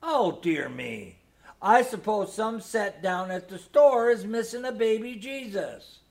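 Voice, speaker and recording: A man reading the part of a fussy, earnest middle-aged mother with a gentle, coaxing manner. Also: high-pitched, expressive, takes it slowly, vocal fry, exaggerated voice.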